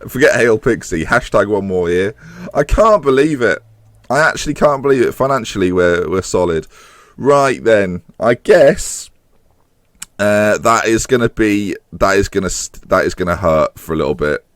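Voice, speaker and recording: A young man commentating on his own game, animated and swearing as he pleads with the screen. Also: lowish voice, normal speed, no room sound, studio quality. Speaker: gaming YouTuber. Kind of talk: gameplay commentary.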